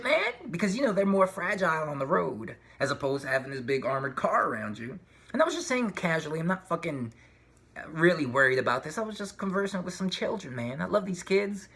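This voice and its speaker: Man, vlogger, bright tense voice, slangy, profane, rambling, animated rant. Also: high voice, brisk. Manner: slangy street talk. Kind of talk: casual spiritual rant to camera.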